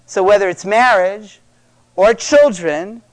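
A man's voice: high-pitched, slow. A middle-aged man speaking to a live audience about parenting, conversational and emphatic, repeating key words for stress.

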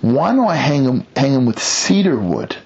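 A man's voice: mid-range voice, sing-song, moderate pace, creaky, darkish tone, poor audio. A man voicing a scheming, boastful male villain who talks in a smug, gloating way. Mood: gleeful.

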